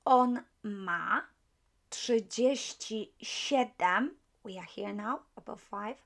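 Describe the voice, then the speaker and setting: Slow, patient woman teaching a language. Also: on the high side. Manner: patient, explaining step by step with frequent pauses; apologetic when correcting herself. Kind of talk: online language lesson.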